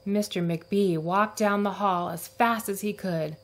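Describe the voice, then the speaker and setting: A woman reading a children's picture book aloud, with gentle narration and voices for the characters. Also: mid-range voice, steady tone, measured pace, few pauses. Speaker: storyteller.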